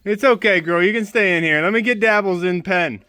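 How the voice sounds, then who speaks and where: A man's voice: high-pitched, brisk, bright, forceful tone, smooth, dry recording. A man hosting a homestead vlog, coaxing his birds and dog along in a sing-song way and then explaining his farm chores plainly. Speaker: homesteader and channel host. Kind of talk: casual homestead vlog with talk to animals and explanations.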